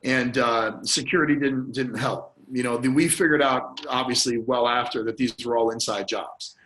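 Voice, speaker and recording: A man's voice: mid-range voice, steady tone, moderate pace, fairly bright tone. An earnest man tells a painful personal story as a podcast guest, stumbling through restarts and repeated words. His voice catches with emotion now and then. The sound has a roomy echo around it. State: choked up at moments.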